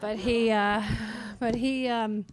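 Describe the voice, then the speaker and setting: A middle-aged woman from northern Canada telling stories at a worship workshop, lively and self-mocking, with many fillers. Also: on the high side, slow pace, smooth, no room sound. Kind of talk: storytelling in a conference talk. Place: conference workshop room.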